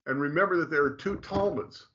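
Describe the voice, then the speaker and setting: A man's voice: fairly high pitch, brisk, fairly bright tone. A man explaining scripture in casual talk, lecturing with frequent restarts and checks of "okay". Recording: dull lo-fi sound.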